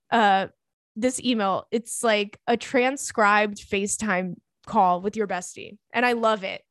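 A woman hosting an advice podcast, reading listener mail aloud with playful, slangy commentary. Her voice sits in a middle pitch, and the recording is dry and close with no room sound. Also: unhurried, no echo. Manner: animated, playful, chatty slang. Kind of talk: reading and reacting to listener email.

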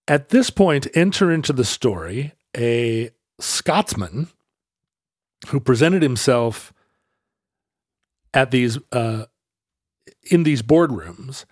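A man's voice: medium pitch, big pitch swings, slow pace, pauses often, a little mellow, no room sound, studio quality. Chatty man telling a history tale. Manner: rambling, self-correcting, laughs easily, tries funny voices. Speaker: podcast co-host telling a history story. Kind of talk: casual storytelling chat.

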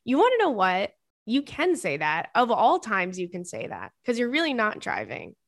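Gravelly-voiced woman podcast host. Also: on the high side, huge pitch swings, normal speed, no room sound, clean studio sound. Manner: chatty, swears freely, rambling asides. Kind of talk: casual chat reading listener emails.

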